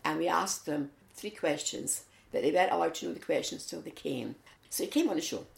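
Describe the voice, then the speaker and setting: A Scottish woman chats through her stories in a low, gravelly voice, acting out the lines of the people in them. The sound carries a roomy echo. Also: brisk. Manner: lively storyteller, acts out quotes. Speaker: interviewee, community volunteer. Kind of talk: chatty anecdotal interview. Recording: echoey room.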